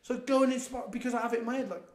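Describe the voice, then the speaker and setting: A man hosting a podcast, telling blunt, animated stories in casual chat and swearing freely. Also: very high voice, rapid-fire, echoey room.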